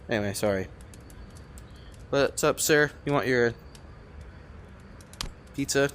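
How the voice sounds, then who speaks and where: A man giving let's-play commentary, rambling and excitable, swearing often and talking to himself as he plays. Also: medium pitch, takes it slowly, pauses often, a little hiss or hum. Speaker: gamer playing a cooking game.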